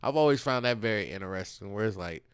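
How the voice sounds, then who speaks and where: A man's voice: lowish voice, animated, fast talker, smooth, dry recording. A Texan man hosting a comedy podcast, spinning loose, profane anecdotes. He acts out the voices of the people in his stories. His voice is close and dry, with no room sound around it. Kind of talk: casual chat.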